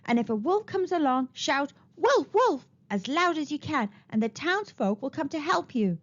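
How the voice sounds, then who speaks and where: A storybook shepherd boy forced to play prince, with a high, lilting voice and a plaintive, whiny edge, as a woman reads him. The recording has a slightly dull, lo-fi sound. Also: big pitch swings, moderate pace. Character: humble young shepherd boy made a prince.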